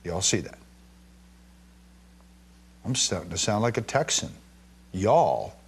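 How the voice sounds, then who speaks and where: A man teaching from the Bible to an audience, emphatic, repeating key words and reading verses slowly with stress, with chatty asides and questions to his listeners. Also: fairly low pitch, fairly bright tone, breathy edge. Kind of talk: teaching to a live and streamed audience.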